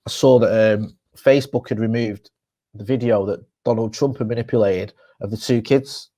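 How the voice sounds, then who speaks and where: A man's voice: fairly low pitch, fairly even intonation, moderate pace, warm tone. A man co-hosting a podcast in casual chat, telling stories with plenty of swearing. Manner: chatty storyteller, laughs and swears. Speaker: podcast co-host.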